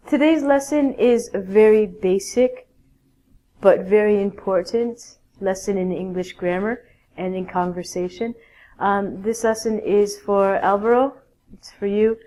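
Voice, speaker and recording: A woman teaching a basic English grammar lesson in a classroom style, explaining slowly and checking in often with "okay?". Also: medium pitch, a little mellow. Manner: slow, clear teaching with many "okay?" checks.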